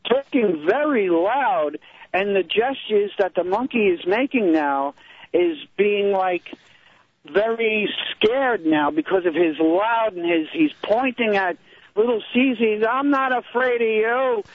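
A man's voice: high-pitched, expressive, unhurried, narrow, tinny audio. A male caller telling a story in a casual, hesitant way, with many fillers and restarts.

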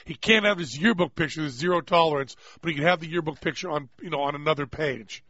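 This man's voice is a little high and sharp, with no echo. Hosting a radio show, he chats loosely and jokes, laughing easily as he rambles, captured on a studio mic in a radio studio with dry, dull-toned sound.

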